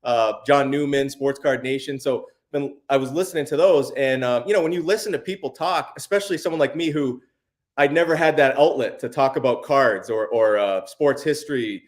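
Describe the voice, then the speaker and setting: A man talking casually as an interview guest, relaxed and rambling, with plenty of fillers and restarts. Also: medium pitch, normal speed. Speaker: guest, sports card YouTuber.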